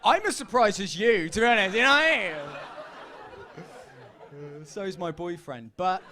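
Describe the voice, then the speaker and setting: A young man doing a stand-up routine on a comedy club stage, rambling and self-deprecating with quick asides to the crowd. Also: high voice, big pitch swings, sharp tone. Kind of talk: stand-up routine to a live audience.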